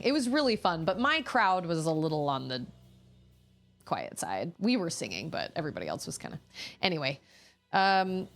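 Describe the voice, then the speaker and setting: Low, gravelly-voiced woman streamer chatting. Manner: rambling, chatty, with frequent restarts and laughter. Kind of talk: casual chat with stream viewers.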